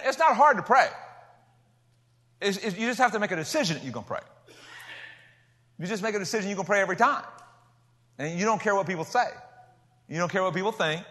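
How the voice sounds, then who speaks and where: Folksy older preacher in a reverberant hall. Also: male voice, high-pitched, expressive, fast talker. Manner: folksy, joking, swinging between loud and soft. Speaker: pastor. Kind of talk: sermon.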